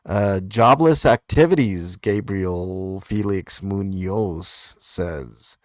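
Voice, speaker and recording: A man with a lowish voice hosts a relaxed comment-reading show, drifting through fillers and little laughs as he goes. The sound is dry and close, with no room around it. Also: slow, dry recording. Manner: laid-back, hesitant, lots of fillers and chuckles. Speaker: host reading viewer comments. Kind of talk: casual live comment show chat.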